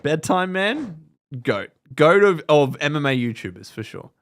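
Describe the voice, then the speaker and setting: Animated man chatting on a livestream. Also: fairly high pitch, a little slow. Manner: animated, laughs often, trails off and restarts. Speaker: podcast host. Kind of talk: casual live-stream chat.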